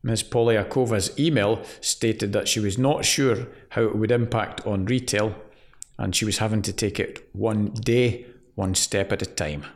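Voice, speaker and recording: A man's voice: lowish voice, fairly even intonation, unhurried. A man co-hosting a casual chat about an employment law case, reading out case details in a dry, wry way. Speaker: podcast co-host.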